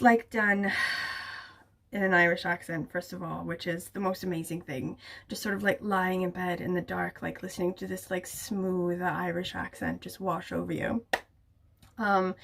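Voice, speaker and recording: A young woman chatting casually to camera about books, gushing and full of filler words. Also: medium pitch. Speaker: book vlogger.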